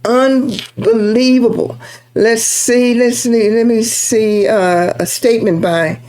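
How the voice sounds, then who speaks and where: A woman's voice: on the high side, takes it slowly, a little mellow. A woman from Texas with a Texan accent, talking politics to her viewers in a chatty, emphatic way and repeating points for emphasis. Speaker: political commentator. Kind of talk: casual political talk to camera.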